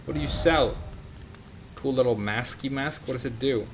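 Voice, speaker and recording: A man's voice: medium pitch, normal speed. Chatty Swedish-accented man streaming a game. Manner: chatty, talks to viewers and in-game characters. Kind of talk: casual live gameplay commentary. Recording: steady background noise.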